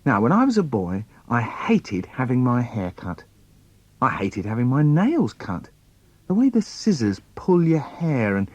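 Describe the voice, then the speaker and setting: A man's voice: medium pitch, husky, no room sound, dull audio. Playful man reciting poems. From London. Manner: playful, expressive, swooping delivery. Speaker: children's poet. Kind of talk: storytelling poem recitation for children.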